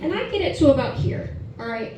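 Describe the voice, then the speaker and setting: A woman's voice: sits high, lively intonation, fairly quick, noisy background. Brash woman doing stand-up in a roomy club. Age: 40s. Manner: brash, profane, chatty with the audience. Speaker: stand-up comedian. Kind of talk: stand-up comedy set with crowd work. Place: comedy club stage. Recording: roomy live venue, distant mic, audience laughter.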